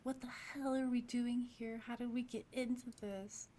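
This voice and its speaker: A woman's voice: on the high side, steady tone, normal speed, mellow, slight background noise, close to an everyday voice. A woman voicing a grieving, volatile young male ex-cop who swears and rants angrily. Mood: bitter. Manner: swearing, angry and ranting.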